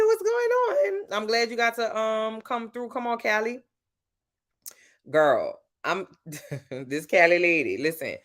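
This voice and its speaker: A woman's voice: low voice, a bit bright. A woman with a New Orleans accent chatting casually with her livestream viewers, talkative and blunt, calling people "child" and "baby". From New Orleans, USA. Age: adult with grown-up sons. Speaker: livestream host.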